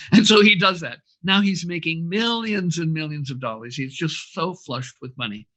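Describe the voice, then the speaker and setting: A man recounting an anecdote in a relaxed interview, with a slightly raised pitch and frequent fillers. The audio is muffled and lo-fi. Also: moderate pace, few pauses. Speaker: brainwave training instructor. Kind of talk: storytelling interview answer.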